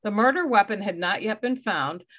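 A woman's voice: mid-range voice, animated, moderate pace, fairly bright tone. A woman hosting a true crime podcast, reading out case details and adding wry asides. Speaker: podcast host.

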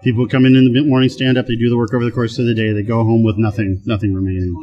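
Man, middle pitch, conversational guest, animated storyteller, laughs often. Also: rapid-fire, muffled recording. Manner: animated, laughs often, acts out quoted voices. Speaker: guest, software team manager.

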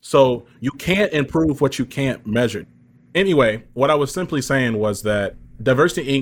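A man in his thirties speaking as an interview guest over a video call, emphatic and animated in telling stories. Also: mid-range voice. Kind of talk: conversational interview answer.

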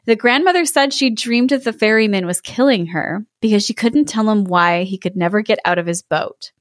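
A woman's voice: medium pitch, normal speed, dry recording, studio quality. A woman reading a fairy tale aloud with an amused manner, chatting between passages. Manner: amused, laughs often while reading. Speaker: storyteller and co-host. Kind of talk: casual storybook reading with chat.

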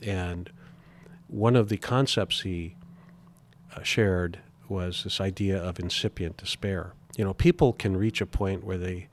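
A man's voice: low voice, fairly even intonation. A middle-aged man speaking earnestly as an interview guest, often stumbling and restarting his sentences. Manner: earnest, halting with repeated restarts. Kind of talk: reflective interview talk.

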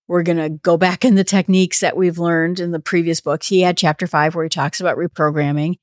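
A woman hosts her own podcast, walking through a self-help book in a steady, reassuring way. Her voice sits a little low. The recording is close and dry, with no room sound. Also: no room sound. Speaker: podcast host. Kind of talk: solo podcast book discussion.

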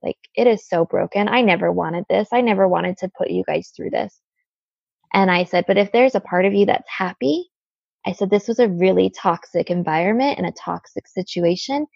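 A woman in her thirties, the guest, earnestly telling an emotional personal story with halting restarts. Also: medium pitch, vocal fry, a little mellow, slightly rough, no echo. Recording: slightly dull lo-fi sound.

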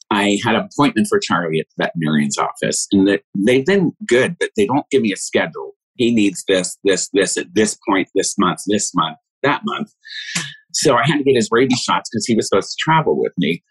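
A man with a somewhat low, husky voice tells a personal story in a loose, rambling way. He restarts his sentences often and laughs as he goes. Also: a bit bright, poor audio. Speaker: guest.

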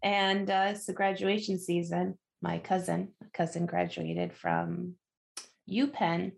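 A woman on a podcast panel talks slowly, her voice carrying a gravelly fry. She is chatty and laughs often. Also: lowish voice, flat delivery, slight background noise. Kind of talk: casual panel chat.

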